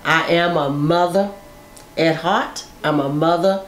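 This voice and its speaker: A woman's voice: low-pitched, slow, soft background music. An older woman, a mother, telling a personal family story with emotion and acting out the voices she quotes. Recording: echoey room.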